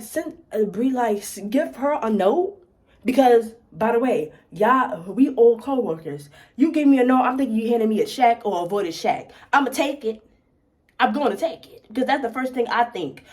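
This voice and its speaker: A woman vlogger telling a workplace story in a blunt, profane, animated way. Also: high-pitched. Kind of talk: casual storytime.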